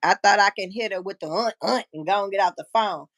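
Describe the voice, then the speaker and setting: A woman in her fifties hosting a live stream, telling a personal story in a frank, profane, animated way and acting out what people said. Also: medium pitch, fast, no echo. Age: 50s. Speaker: livestream host. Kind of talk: casual storytelling chat.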